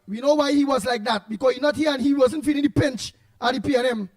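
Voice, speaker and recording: A man with a Trinidadian accent hosting a call-in talk show, reading out listener comments in an animated way and bursting into shouts. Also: very high-pitched, quick pace, no room sound. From Trinidad and Tobago. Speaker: radio talk show host.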